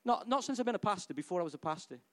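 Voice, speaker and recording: A middle-aged pastor delivers a sermon in a lively, chatty style, often turning to the congregation with questions. His voice sits a little higher than most men's. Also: racing. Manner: animated, conversational preaching with questions to the congregation.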